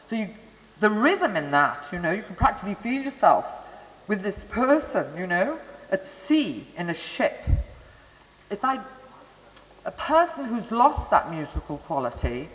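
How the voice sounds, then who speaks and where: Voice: mid-range voice, big pitch swings, measured pace, a bit bright. Lecturer, conversational talk, chatty asides, mic in a hall, long echo. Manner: thoughtful, chatty asides to the audience. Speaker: lecturer on Montessori education. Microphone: microphone.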